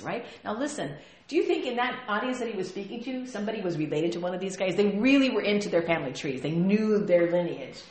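A woman pastor preaching a lively sermon, often laughing and acting out the voices she quotes. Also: mid-range voice, a little fast, echoey room.

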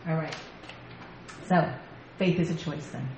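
A woman speaker giving a lively faith talk to a women's gathering from a stage mic, telling stories and laughing often. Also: sits low, measured pace, music in the background. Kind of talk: sermon-style faith talk. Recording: echoey hall, faint background noise.

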